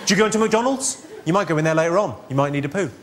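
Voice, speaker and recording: A comedian with a high, reedy voice delivers a stand-up routine, deadpan and sardonic, now and then snapping into profane outbursts. Loud audience laughter and live-room ambience wash around him on stage. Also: male voice, very fast, heavy background noise.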